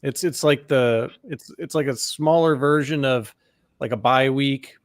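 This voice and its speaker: A man co-hosting a casual sports podcast, relaxed and chatty, over a video call. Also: medium pitch, unhurried, dry recording, studio quality. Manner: relaxed, chatty with "you know" and "like". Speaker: podcast co-host.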